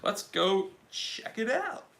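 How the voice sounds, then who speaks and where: Excitable man hosting a live stream. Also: sits high, takes it slowly, gravelly. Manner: excitable, reading out viewer comments. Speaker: watch channel host. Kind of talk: casual live stream chat.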